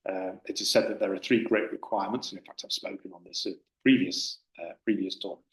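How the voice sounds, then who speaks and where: A man's voice: deep voice, fairly even intonation, brisk. A man teaching as a Buddhist teacher in a dharma talk, hesitant and full of fillers and restarts. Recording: roomy hall echo.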